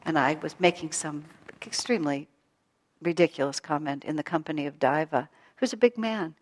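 This woman speaks low and a little mellow, at a moderate pace, her sound filling a big room. As a spiritual teacher addressing an evening gathering, she reflects on her own life through stories, chuckling softly at where she went wrong.

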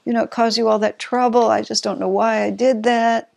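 A woman's voice: fairly high pitch, flat delivery, brisk, gravelly, darkish tone, pitched above the performer's own voice. A woman quoting a moody, upset woman friend. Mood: remorseful. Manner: pleading, indignant.

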